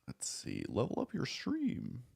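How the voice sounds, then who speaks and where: A man's voice: medium pitch, wildly swooping pitch, a little slow, vocal fry, darkish tone, breathy edge. A man streaming live, chatting casually and rambling, joking at his own expense and swearing now and then.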